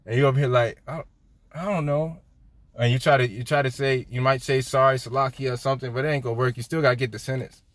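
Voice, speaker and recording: A man's voice: medium pitch, level tone, very fast, hardly any pauses, no room sound. A man leading a casual Bible study, reading scripture aloud and talking with viewers, often checking in with "right?" and laughing. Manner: conversational, peppers lines with "right?", laughs often. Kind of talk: casual livestream Bible teaching.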